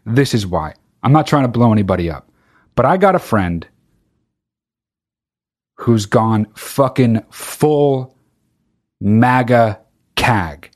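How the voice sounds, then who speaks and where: A man's voice: medium pitch, animated, slow, long pauses, a little mellow. A man hosting his own podcast, talking in a profane, rambling comedic monologue that keeps interrupting itself. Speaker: podcast host.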